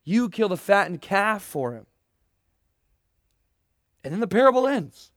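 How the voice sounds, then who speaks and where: A young pastor preaches earnestly and emphatically, firing rhetorical questions at his listeners in an unhurried way. His voice is fairly high for a man, a bit bright, with big pitch swings, and the sound is dry and close with no room around it.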